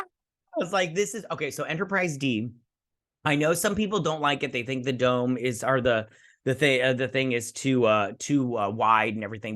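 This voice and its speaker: Bright-voiced gushing fan host. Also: male voice, mid-range voice. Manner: gushing fan, recaps scenes with many fillers and restarts. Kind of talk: excited episode recap.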